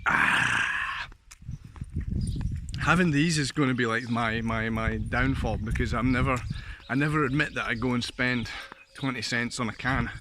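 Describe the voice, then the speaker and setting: A man's voice: mid-range voice, unhurried, very noisy. A Scottish man rambling chattily as he walks outdoors and talks to his handheld camera. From Scotland. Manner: rambling, chatty, laughs often. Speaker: vlogger. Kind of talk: casual walking vlog. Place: outdoors on a walk past houses. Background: dogs barking.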